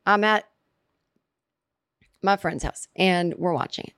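A woman hosting a podcast, telling a comedic story in a rambling, animated way and voicing her own asides. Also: fairly low pitch, slow, clean tone, no room sound, studio quality. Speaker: podcast host. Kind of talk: comedic monologue.

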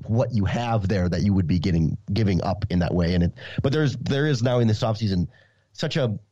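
A man's voice: lowish voice, a little fast, warm tone, dry recording, dull audio. A man guest on a podcast, chatting about football, talkative and repeating words as he thinks. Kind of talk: casual sports chat.

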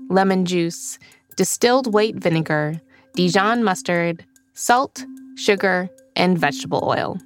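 A woman hosting a scripted children's cooking podcast, explaining steps in a clear, friendly, steady way. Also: medium pitch. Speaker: host and magazine editor.

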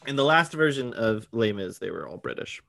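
A man, co-hosting a casual podcast, rambling and joking with quick asides. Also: fairly low pitch, very animated, vocal fry, noisy background. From Boston area. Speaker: podcast co-host.

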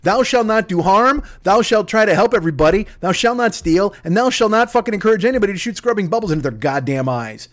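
A man's voice: high-pitched, animated, fast, hardly any pauses. A man doing an impression of an exasperated elderly male doctor who pleads and begs. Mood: pleading.

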